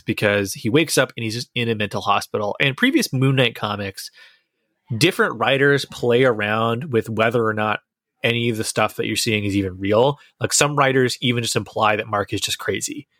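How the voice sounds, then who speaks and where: Man, casual podcast review, rambling and eager, dry close sound, mid pitch. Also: fairly bright tone, no room sound. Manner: enthusiastic, rambling, restarts sentences. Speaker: podcast co-host. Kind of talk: casual chat reviewing a TV series.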